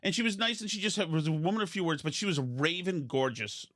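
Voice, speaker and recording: Man, podcast host, bright tense voice, dry close sound, rambling self-mocking chat. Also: a little high, quick pace, dry recording. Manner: rambling, self-deprecating, with many restarts. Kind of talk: casual comedic chat.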